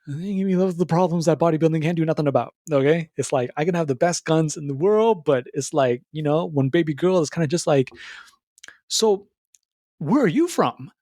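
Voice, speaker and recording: A young man talking casually to his viewers, rambling and stammering through restarts, animated and full of bro slang. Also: a little high, fast, hardly any pauses, no room sound, studio quality. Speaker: YouTuber. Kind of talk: casual monologue to camera.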